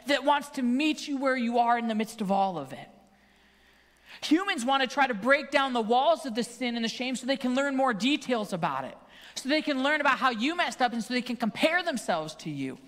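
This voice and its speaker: A man preaching a sermon in church, telling stories with animated, acted-out quotes. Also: extremely high pitch. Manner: animated storytelling, acts out quotes. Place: church sanctuary. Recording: long hall reverb.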